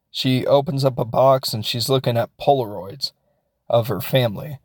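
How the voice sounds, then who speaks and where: A male reviewer with a mid-range voice casually recaps a film, rambling, joking and acting out the characters. The recording is clean studio sound with no echo.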